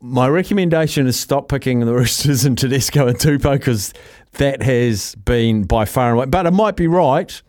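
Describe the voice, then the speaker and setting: A man hosting a casual radio show, reading out listener texts with brisk, jokey asides. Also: medium pitch, a little mellow, dry recording, clean studio sound. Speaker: radio host.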